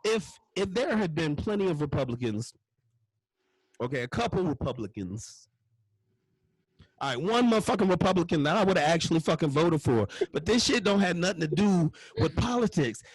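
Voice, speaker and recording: A middle-aged male stand-up comedian rants in a husky, fairly high voice. His pitch jumps all over as he swears his way through each point. The sound is dry and close. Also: normal speed, no room sound, poor audio. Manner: profane, animated, ranting with frequent curse words.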